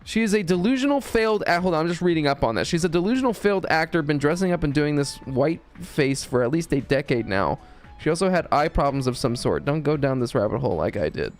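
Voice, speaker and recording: A man's voice: on the high side, animated, fast talker, few pauses, soft background music. A man streaming a game, talking casually in a rambling, profane way. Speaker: gaming streamer.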